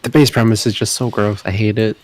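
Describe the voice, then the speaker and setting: A man's voice: fairly low pitch, steady tone, brisk. A man co-hosting a podcast in casual chat, laughing often with short agreements. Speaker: podcast co-host.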